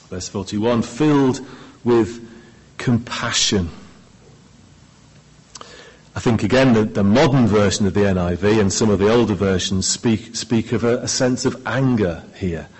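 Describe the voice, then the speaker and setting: A man preaching a sermon, expressive, with dramatic pauses and key words trailing off low. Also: husky, low-quality recording.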